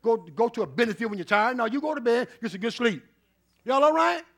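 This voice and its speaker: A male pastor preaching a storytelling sermon, swinging between soft low asides and loud preaching, laughing often and checking on the congregation. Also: animated, fast talker. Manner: laughs often, repeats phrases, asks the congregation if they are all right.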